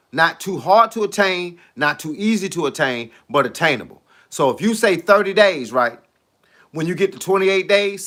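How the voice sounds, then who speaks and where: A man who coaches fitness and boxing, chatting casually on a live stream into a phone, animated and slangy, laughing often. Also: sits high.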